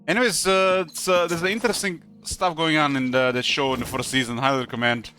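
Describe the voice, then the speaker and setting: Bright-voiced Croatian-accented man chatting. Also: a little high, steady tone, brisk, hardly any pauses, faint music behind. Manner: rambling, hesitant, many fillers. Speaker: live streamer. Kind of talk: casual chat while gaming.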